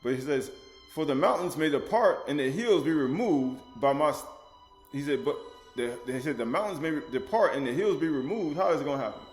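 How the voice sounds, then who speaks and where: A man's voice: a little high, animated, fairly quick, echoey room, faint music behind. A man teaching a sermon, with rising emphasis, rhetorical questions and casual speech, acting out quoted speakers. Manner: colloquial, acts out quoted speakers.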